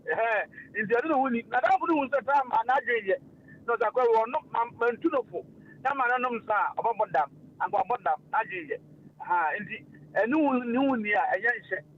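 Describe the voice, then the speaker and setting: A high-voiced man chats on a radio stream, animated and loose, with plenty of filler sounds. The sound is dull and lo-fi. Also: fairly quick, a little hiss or hum. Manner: animated, mixing languages, frequent fillers and laughs. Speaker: radio host. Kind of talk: casual radio talk.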